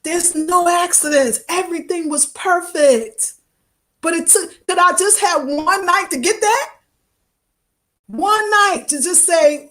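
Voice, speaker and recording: A woman's voice: very high voice, animated, a little slow, a bit bright. A woman in her fifties streaming a casual, fervent talk to her viewers, repeating herself and talking back at them in loose vernacular. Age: 50s. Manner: loose Black American vernacular. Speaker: travel vlogger.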